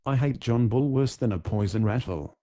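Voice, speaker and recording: A genial American businessman who chats folksily and cordially, as a male audiobook narrator puts him on. He speaks with an American accent and a relaxed drawl. The tone is mellow and warm. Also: medium pitch, normal speed, lightly acted. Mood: folksy.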